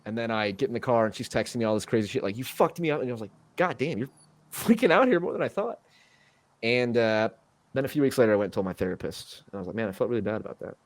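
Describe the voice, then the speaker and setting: A man's voice: mid-range voice, very animated, fast, no echo. A young man in his twenties hosting a casual podcast, rambling through a story with many fillers and restarts. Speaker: podcast host.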